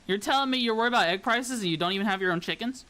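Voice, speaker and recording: A woman's voice: on the high side, racing, a bit bright. A woman from the American South chatting casually with viewers as a streamer while she builds a model. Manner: rambling, chatty, talks to viewers. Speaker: VTuber streamer.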